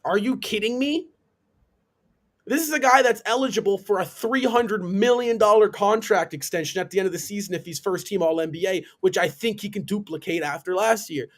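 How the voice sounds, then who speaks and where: A man with a husky, breathy edge sits on a live sports talk stream, tearing into a team decision. His voice sits high for a man, and he leans on emphatic, indignant rhetorical questions. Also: a little fast. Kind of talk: heated sports opinion rant. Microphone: live stream call.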